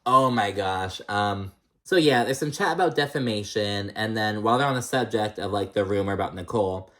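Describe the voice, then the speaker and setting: A man's voice: fairly low pitch, fairly quick, sharp tone. A man recapping reality TV in casual chat, blunt and sassy, swearing a lot and calling people "girl".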